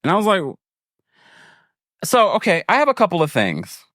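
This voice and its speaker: Animated, playful man recapping reality TV. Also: high-pitched, moderate pace, no room sound, studio quality. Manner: animated and playful, with frequent laughs and asides; frank, speaks as a big brother to the audience. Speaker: podcast host. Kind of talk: casual TV recap commentary.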